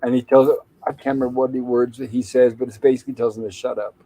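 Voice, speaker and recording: A man's voice: medium pitch, fairly even intonation, fast, mellow, low-quality recording. A man casually retelling a TV episode scene by scene as a podcast co-host, quoting its lines in his own plain voice.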